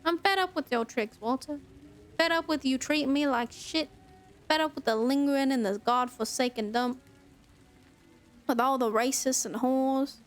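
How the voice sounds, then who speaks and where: A woman's voice: sits high, moderate pace, soft background music, close to an everyday voice. A woman reading aloud the lines of a bitter, worn-down 1940s housewife as she plays through a game. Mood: fed up. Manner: reads the game's lines aloud with growing anger.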